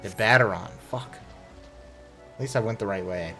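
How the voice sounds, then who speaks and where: A man's voice: on the low side, moderate pace, pauses often, bright, forceful tone, soft background music. A man giving casual, laid-back gameplay commentary as a streamer, dropping profane asides. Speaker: game streamer.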